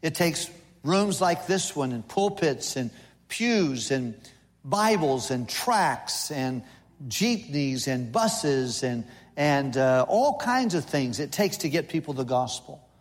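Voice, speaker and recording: A man in his sixties, a visiting missionary, preaches slowly and very animatedly in a church sanctuary, his voice a little high with a big-room sound. The sermon is folksy and funny, built on lists and playful asides.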